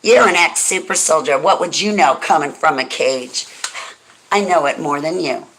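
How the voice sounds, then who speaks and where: A woman's voice: deep voice, moderate pace, a bit bright, rough recording. A woman hosting a religious radio talk show, speaking emphatically and emotionally and addressing a listener directly.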